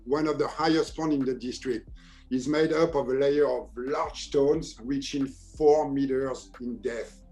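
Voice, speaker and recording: A man's voice: mid-range voice, steady tone, a little slow, darkish tone, soft background music. French-accented man talking wine facts. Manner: hesitant, many fillers, factual. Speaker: wine merchant guest. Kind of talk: casual chat on a video tasting.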